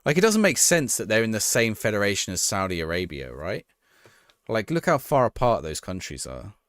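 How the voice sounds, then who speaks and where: A man with a fairly low, very animated voice chats loosely with his viewers while he plays a football management game. He thinks aloud and reacts to each play, and his voice sounds dry and close with no room. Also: a little fast, no room sound. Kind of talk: casual live-stream chat.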